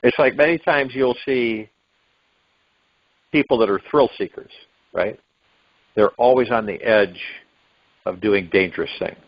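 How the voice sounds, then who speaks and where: The dull, lo-fi phone call captures a man with a fairly low voice hosting a spiritual meditation session, unhurried and prone to long pauses. He rambles and muses, occasionally rising suddenly into acted quotes of what people might say.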